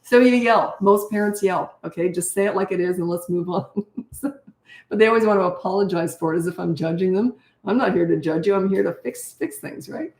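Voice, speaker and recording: An older woman talks through parenting questions in a blunt, no-nonsense way, laughing easily between points. Her voice sits at an ordinary middle pitch. The recording has a noticeably roomy echo. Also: fairly quick, darkish tone. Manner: blunt, matter-of-fact, laughs often. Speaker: parenting coach. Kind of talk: casual Q&A advice.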